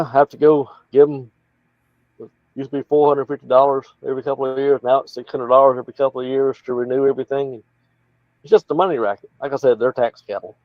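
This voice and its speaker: A man's voice: mid-range voice, no room sound. Appalachian male candidate, folksy and rambling, muffled dry recording. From North Carolina. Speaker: political candidate guest. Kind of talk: casual interview talk.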